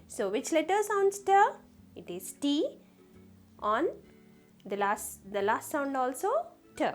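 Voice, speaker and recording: A woman teaching a children's phonics lesson, slowly sounding out letters and asking the class questions. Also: high voice.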